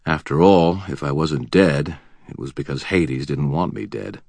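Super deep voiced guy reading a fantasy audiobook in first person, wry and vivid, dry close mic. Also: a little slow, gravelly, darkish tone, no room sound. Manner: wry and vivid, with tense pacing. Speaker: audiobook narrator.

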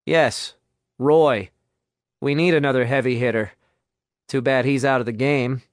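A man's voice: mid-range voice, steady tone, measured pace, no room sound, studio quality, close to an everyday voice. A man voicing a sardonic, scheming young male student who cracks sarcastic jokes in a storybook reading. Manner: wisecracking, sarcastic.

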